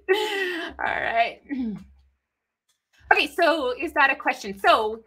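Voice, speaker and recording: A woman's voice: high voice, very animated, slow pace, pauses often, bright, forceful tone. A woman from East Texas with an East Texas accent, co-hosting a genealogy live stream in a chatty, rambling way, often laughing. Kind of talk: casual live-stream chat.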